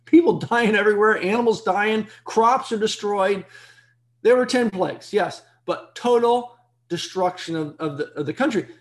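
A Bible teacher giving an evening lecture, emphatic and full of rhetorical questions, repeating key words for stress. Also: normal speed. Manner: jumps to a high excited pitch when stressing a point.

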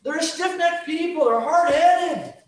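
A man's voice: very high voice, a little slow, voice pushed up. A man voicing an exasperated prophet objecting to his task. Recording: echoey room, distant mic, faint noise.

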